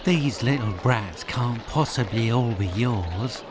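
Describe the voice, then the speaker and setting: A man's voice: mid-range voice, takes it slowly, noisy background, close to an everyday voice. An actor voicing an odd, fawning male street food seller in a game. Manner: fawning, calls customers my lord. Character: odd male kebab seller, oily and obsequious.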